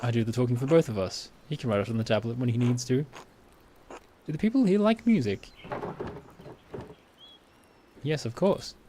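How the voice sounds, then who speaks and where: A man's voice: mid-range voice, lively intonation, brisk, warm tone, a little hiss or hum, close to an everyday voice. A man putting on a grand, courtly travelling musician. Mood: courteous. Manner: theatrical put-on accent, grand.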